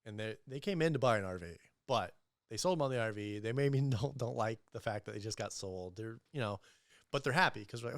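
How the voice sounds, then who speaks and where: A young man telling animated, profane sales stories as a guest in a casual podcast interview, acting out the people he quotes. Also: on the low side, brisk, dry recording, studio quality. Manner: animated, profane storyteller who acts out quoted voices. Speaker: entrepreneur guest.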